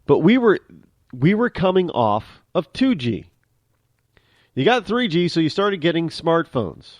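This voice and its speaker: A man's voice: fairly high pitch, sing-song, a little slow, no echo, clean studio sound. A man hosting a talk show, delivering an opinionated monologue with emphatic restarts and repeated words.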